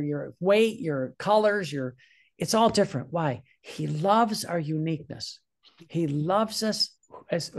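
An older man, a priest, giving a fervent sermon and reading quoted passages aloud with emphasis. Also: sits high.

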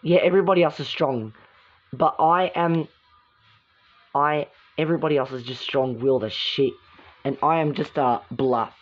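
A woman's voice: sits low, moderate pace, voice pushed down. A woman doing a bitter, cursing Willow. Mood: gloomy. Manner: curt and swearing. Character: sullen, bitter, foul-mouthed young woman. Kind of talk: amateur voice drama. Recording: dull lo-fi recording.

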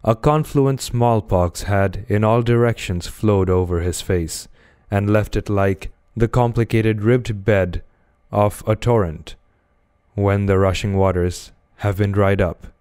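A man reading a novel aloud as an audiobook narrator, in a measured, expressive way. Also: fairly low pitch, smooth, no room sound, studio quality. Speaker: audiobook reader.

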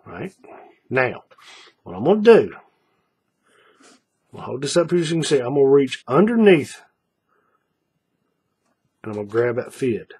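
A folksy man walks viewers through a hands-on craft tutorial, repeating each step and often checking they are following. His voice is very husky and rough, and it swings lively up and down as he explains. He sits at a desk with the camera mic nearby. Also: medium pitch, unhurried, long pauses. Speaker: paracord craft instructor.

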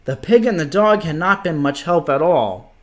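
A man reading a picture book aloud to children, playful and animated, stopping to make animal noises. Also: fairly high pitch, normal speed. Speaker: children's story reader.

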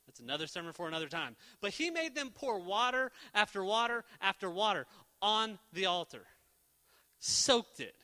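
In a church hall with a long, ringing echo, a young preacher with a very bright, high voice keeps things light and funny. He animates Bible tales and slips into brief voices for each figure.

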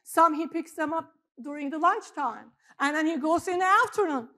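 A middle-aged woman pastor, preaching a sermon in an animated storytelling way that swings between loud emphasis and quiet asides. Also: high voice, moderate pace.

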